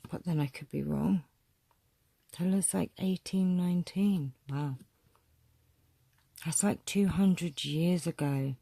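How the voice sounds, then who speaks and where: A woman chatting casually as she shows a photo collection, musing aloud and often clearing her throat. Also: fairly low pitch, takes it slowly, long pauses, dark tone, no echo. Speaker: vlogger showing a photo collection. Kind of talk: casual show-and-tell commentary.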